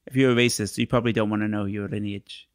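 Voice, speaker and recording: A man's voice: on the low side, fairly even intonation, fast, dry recording, studio quality. A man from England co-hosting a podcast in casual chat, teasing and laughing at his own jokes. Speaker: podcast co-host.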